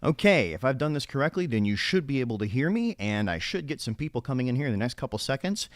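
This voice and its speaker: A man's voice: medium pitch, very animated, fast talker, no echo, studio quality. A man hosting a gaming news show, reading the news out live and chatting casually about it as he reads. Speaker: gaming news channel host.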